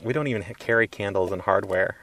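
A man hosting a prank call radio show, posing as a store clerk and trading insults in a deadpan way. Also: lowish voice, fast talker. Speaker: prank-calling radio host. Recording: muffled lo-fi with loud noise.

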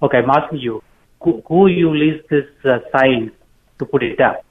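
A man's voice: medium pitch, normal speed, breathy edge, narrow, tinny audio. An older man, a business owner, pushing back defensively and indignantly, padding his speech with "you know" and "man.". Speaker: business owner being pranked.

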